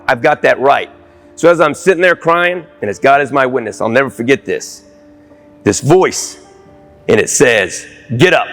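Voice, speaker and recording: A man's voice: on the high side, a bit bright. A middle-aged man giving an earnest, plain-spoken personal speech, pressing his points with repeated phrases. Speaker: speaker at a Veterans Day event. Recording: long hall reverb with faint music.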